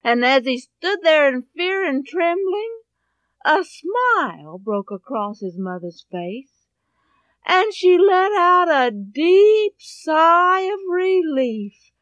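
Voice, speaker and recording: A woman telling a Bible story in an expressive way, swinging between loud and hushed. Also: very high-pitched, slow, dry recording, lo-fi sound.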